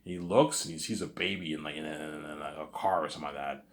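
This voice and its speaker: A man with a very deep, low voice talks on his own in a loose, rambling monologue. He boasts and repeats himself, restarts his sentences and keeps tagging them with filler phrases. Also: fairly even intonation, quick pace, slight background noise. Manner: repetitive, restarts, keeps saying "obviously" and "you know what I'm saying". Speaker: vlogger.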